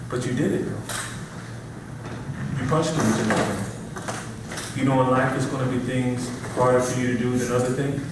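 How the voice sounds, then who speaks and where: A man's voice: mid-range voice, fairly even intonation, normal speed, long pauses. A man coaching a student in martial arts, firm and encouraging, asking him questions as he talks him through it. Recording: echoey room, voice from far off, noisy.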